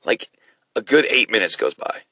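A man telling a rambling, profane story in a casual, animated way, seated inside a vehicle. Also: lowish voice, normal speed, no echo.

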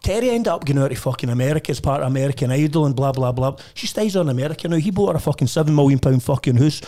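A middle-aged man with a Scottish accent speaks in a slightly high, mellow voice, rapid-fire and lively in intonation. As a podcast guest in casual chat, he swears and chuckles his way through his stories.

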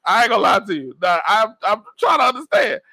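A man telling a story on a podcast in casual chat, animated, profane and laughing often. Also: sits high, fast talker, husky, no room sound. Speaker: podcast co-host.

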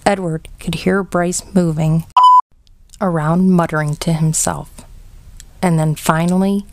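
Slow, gentle woman reading a storybook. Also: on the low side, steady tone, heavy background noise. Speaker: audiobook reader. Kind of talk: storybook narration.

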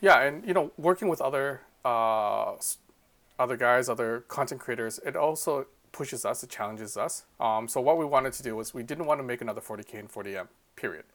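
A man's voice: mid-range voice, fairly quick, fairly bright tone. A man talking as a podcast guest, earnest and explanatory in a casual chat. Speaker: podcast guest, tabletop channel co-host.

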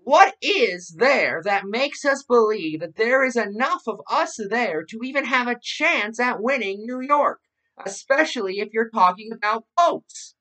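A woman's voice: fairly high pitch, lively intonation, a little slow, a bit bright, pitched above the performer's own voice. A woman putting on a mocking impression of a blustering older male radio talk host. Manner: mocking, exaggerated.

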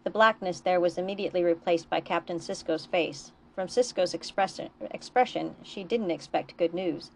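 Author-narrator, woman, steady storybook reading, low register. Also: moderate pace, few pauses, slight background noise. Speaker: author reading her fiction. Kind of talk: reading a novella aloud.

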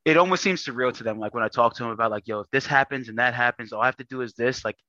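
A man's voice: mid-range voice, rapid-fire, no room sound, dull audio. A man talking casually as a podcast guest, telling family stories with lots of fillers. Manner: storytelling, animated with frequent fillers. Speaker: guest athlete.

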